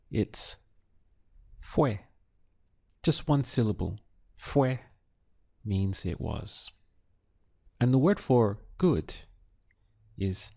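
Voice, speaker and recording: A man whose first language is Spanish, giving a slow audio language lesson and drilling phrases with patient pauses. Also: fairly low pitch, vocal fry, a little mellow. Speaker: Spanish tutor.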